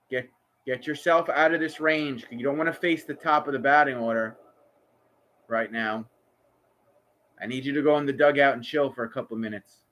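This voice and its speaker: Male fan commentator, nervous and worked up, fairly high voice, loud outbursts on big plays. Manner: anxious, talks to the players, bursts out on big plays. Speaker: fan doing his own play-by-play. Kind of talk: amateur live play-by-play commentary.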